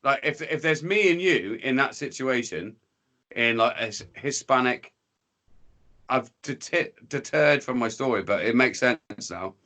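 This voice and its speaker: A man's voice: medium pitch, lively intonation, measured pace, pushed and bright. English guy, casual podcast storyteller, sweary, mimics the people in his tales. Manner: rambling, sweary, slips into voices for characters. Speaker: podcast guest.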